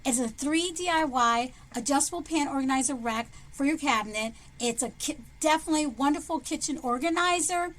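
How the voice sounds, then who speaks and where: A woman presenting shopping deals in a chatty, excitable vlog, her voice jumping up when she hypes a sale. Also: fairly quick, hardly any pauses. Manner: chatty and excitable, jumps in pitch to hype sales. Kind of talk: enthusiastic product showcase vlog. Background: background music.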